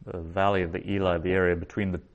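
A man teaching a class in a slow, deliberate lecture, spelling out each word and repeating it before he explains it. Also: deep voice, level tone, lo-fi sound. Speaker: Biblical Hebrew teacher.

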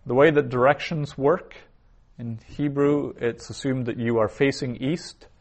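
A Hebrew teacher records a language lesson in a steady, mid-range male voice. He goes slowly, saying every word twice before explaining what it means.

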